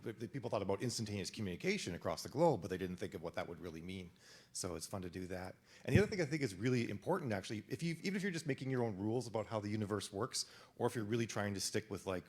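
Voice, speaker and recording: A man on a writers' conference panel, talking casually with many fillers. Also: lowish voice. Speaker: panelist author.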